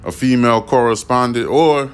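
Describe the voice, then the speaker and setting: A man's voice: medium pitch, normal speed, clean tone. A man hosting a podcast, giving blunt, profane commentary full of fillers and repeats. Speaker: podcast host. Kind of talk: casual commentary.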